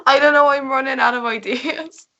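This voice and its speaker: A woman playing a tabletop game, unsure and giggly, thinking out loud. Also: high voice, fairly even intonation, moderate pace, dull audio. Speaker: player. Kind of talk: casual tabletop play.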